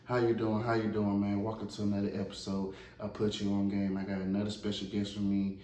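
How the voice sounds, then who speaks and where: Man, Atlanta accent, slangy host, low voice, distant mic, light hiss. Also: monotone, fast talker, warm tone. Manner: laid-back, slangy, repeats phrases. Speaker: podcast host. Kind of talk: casual podcast interview. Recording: echoey room, distant mic.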